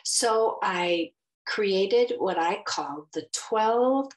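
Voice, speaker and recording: A middle-aged woman telling a story to children, animated and expressive, acting out the voices. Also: medium pitch, very slow, rough recording. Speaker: children's story time host.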